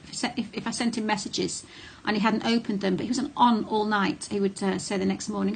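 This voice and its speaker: A woman's voice: mid-range voice, fast talker, gravelly, hardly any pauses, slight background noise. A middle-aged woman talking casually to camera, blunt and candid, with frequent ums and restarts. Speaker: vlogger on narcissistic abuse.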